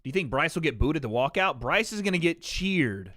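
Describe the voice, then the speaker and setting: A man's voice: fairly high pitch, sing-song, a little fast, pushed and bright, dry recording, clean studio sound. A man hosting a livestream watch party in casual chat, brash and opinionated, swearing freely.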